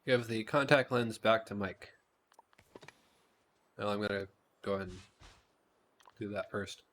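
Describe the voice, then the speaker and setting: A man's voice: fairly low pitch, measured pace, a bit bright, slight background noise. A man streaming a video game, talking casually and thinking aloud as he plays. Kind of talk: casual gameplay commentary.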